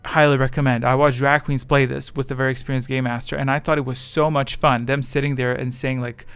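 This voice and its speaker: A man's voice: mid-range voice, level tone, brisk, a bit bright, clean tone, dry recording. A man chatting casually on his livestream, rambling and self-deprecating as his thoughts wander. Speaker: streamer.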